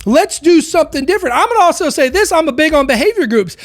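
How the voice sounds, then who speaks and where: A woman's voice: high voice, lively intonation, fast talker. A woman hosting a podcast, delivering an impassioned opinion monologue full of rhetorical questions. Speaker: podcast host.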